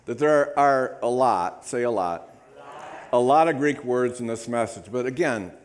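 A man preaching as pastor, leading the congregation in loud recitation. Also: medium pitch. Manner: leads congregation in loud call-and-response recitation. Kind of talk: sermon. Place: church sanctuary. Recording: echoey church hall.

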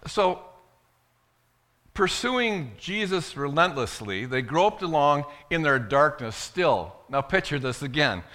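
A male preacher delivers a sermon with a lively, wide-ranging pitch. His voice is bright and forceful. He swings between loud, emphatic lines and hushed asides. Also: slow. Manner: animated, swings from loud to hushed, dramatic retelling.

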